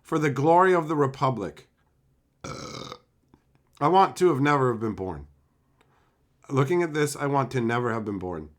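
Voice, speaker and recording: A man's voice: mid-range voice, animated, moderate pace, pauses often. A man live-streaming as he opens card packs, chatting casually and ranting sarcastically with lots of swearing.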